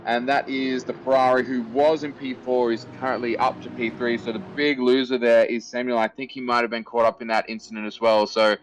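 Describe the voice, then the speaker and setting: Male lead commentator, esports sim racing, energetic play-by-play, middle pitch, faint noise underneath. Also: brisk, hardly any pauses, rough recording. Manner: energetic play-by-play, rising excitement with fillers.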